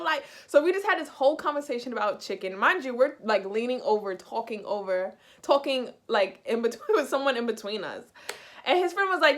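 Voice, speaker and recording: A young woman from the United States, chatty and animated, telling a casual storytime in a vlog. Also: a little high, a little fast. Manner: chatty, animated, heavy use of "like". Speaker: vlogger.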